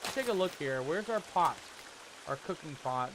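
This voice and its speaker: A man playing a survival horror game and commenting as he goes, calling his viewers "mateys" and shouting when he gets scared. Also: a little high, moderate pace, background noise. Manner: jumpy, excitable, loud when scared. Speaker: gaming YouTuber. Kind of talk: let's play commentary.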